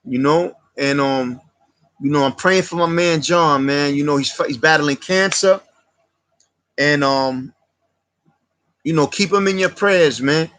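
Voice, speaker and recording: A man tells a long personal story to his viewers, looping back over details and dropping slang as he goes. His voice sits a bit high for a man and sounds bright and forward. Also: a little slow, long pauses. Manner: street slang, repetitive and heartfelt. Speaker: channel host. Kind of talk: casual livestream storytelling.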